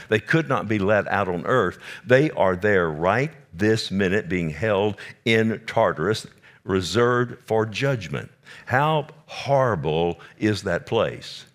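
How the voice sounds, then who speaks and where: Lower-voiced man preaching a sermon. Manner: emphatic, repeats words for effect, addresses listeners directly.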